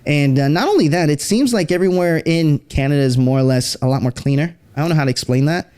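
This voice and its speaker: A man's voice: fairly high pitch, expressive, fast, darkish tone, clean tone. Upbeat male podcast host. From San Antonio, Texas. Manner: upbeat, friendly hype intros. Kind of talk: casual interview hosting.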